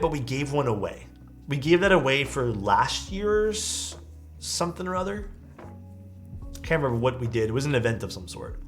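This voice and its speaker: Easygoing male streamer with lively pitch. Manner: enthusiastic, easygoing, lots of praise. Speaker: streamer reviewing viewers' keyboard photos. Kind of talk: casual live-stream commentary.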